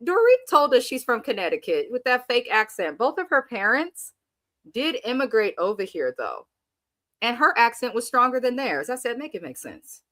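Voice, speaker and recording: A woman's voice: a little high, very animated, normal speed, a bit bright, no room sound. A woman co-hosting a casual reality TV recap, blunt and sassy, reading viewer comments aloud. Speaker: show co-host.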